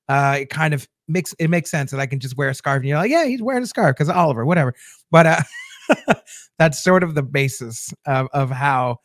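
A man with a fairly high voice hosts a casual TV episode recap show, chatting rambly to his viewers with lots of fillers and restarts. He's on a close mic, and the recording is dry.

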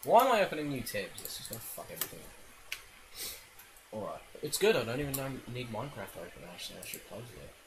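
A man's voice: mid-range voice, sing-song, quick pace, poor audio. A man giving rambling, self-mocking gameplay commentary, swearing often and making silly noises. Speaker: game commentator. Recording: loud background noise.

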